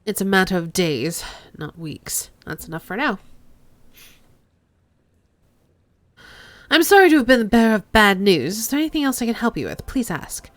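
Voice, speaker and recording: A poised, unperturbed middle-aged woman, voiced by a woman streamer, weighs each word. Her delivery is formal and measured at an ordinary pitch. The sound is dry and close. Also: sing-song, no echo, close to an everyday voice.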